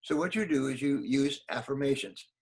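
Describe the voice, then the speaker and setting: A man's voice: medium pitch, normal speed, low-quality recording. An older man, a motivational speaker, answering interview questions in an emphatic way, repeating key phrases and acting out quotes.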